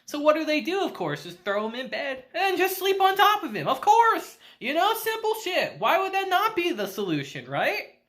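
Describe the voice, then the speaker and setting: A man recapping an anime episode in a loose, slangy way, breaking into laughs as he goes. His pitch swings widely and his tone is bright and sharp. He talks with excited, chatty energy. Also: normal speed. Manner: animated, laughing often, slangy. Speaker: anime reviewer. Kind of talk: casual video review.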